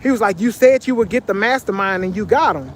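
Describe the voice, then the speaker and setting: A man vlogging, telling a story in casual, animated slang with lots of repetition, sitting on a bench. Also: sits high, fast talker, a little hiss or hum.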